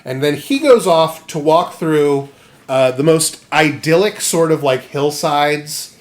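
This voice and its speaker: A man hosts a comedy podcast and retells a story with lots of energy. He keeps slipping into silly voices. His voice sits on the higher side. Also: slow pace. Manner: animated storytelling, slips into goofy voices. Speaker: podcast co-host. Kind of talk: comedic casual chat.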